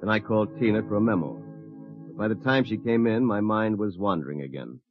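Man voicing a wry lawyer narrator, deep low voice, muffled old radio, soft music underneath. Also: brisk, lightly acted. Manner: wry, dry storytelling. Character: wry young male lawyer telling his story. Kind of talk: 1950s radio drama narration. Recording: muffled vintage radio recording with faint music.

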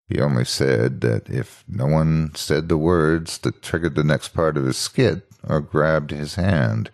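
A man reading a first-person horror story aloud as narrator, in a measured, dramatic way. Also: very deep voice.

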